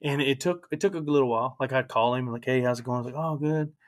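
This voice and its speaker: A man in his thirties, appearing as a podcast guest, talks fast in an ordinary medium-pitched voice. He shares his own story candidly and reflectively, earnest and open, with emotion close to the surface at times.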